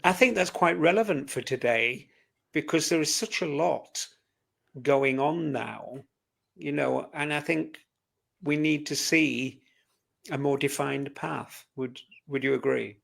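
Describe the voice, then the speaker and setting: A man talking earnestly and reflectively as a guest in a casual conversation about spirituality, often pausing mid-phrase. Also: a little high, creaky, fairly bright tone.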